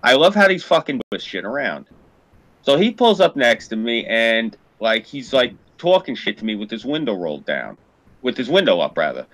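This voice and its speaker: A man's voice: medium pitch, sing-song, moderate pace, a bit bright. A man in casual podcast chat, telling a profane, heated story and acting out what people said.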